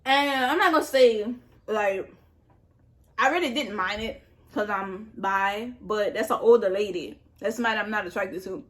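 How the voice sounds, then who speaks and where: Animated, foul-mouthed woman telling a story. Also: mid-range voice, normal speed. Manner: animated, profane, talks straight to the viewers. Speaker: vlogger. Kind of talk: casual storytime vlog.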